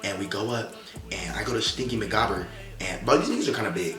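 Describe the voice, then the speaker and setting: A man's voice: lowish voice, fast talker, sharp tone. A young man casually retelling a story in slangy, profane language, acting out the quotes as he goes. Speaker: storytelling vlogger. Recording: roomy echo, faint music behind.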